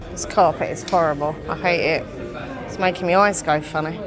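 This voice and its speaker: An English woman vlogs casually to her camera, chatty and self-deprecating, first out and about and then inside a busy café. Her voice is on the low side at a moderate pace, with music playing in the background.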